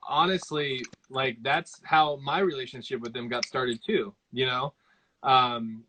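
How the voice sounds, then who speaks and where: An easygoing male host in a casual live chat. His voice is bright and forward, and he rambles a little, filling gaps with "you know" and "um". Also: mid-range voice, fairly even intonation, unhurried, rough recording.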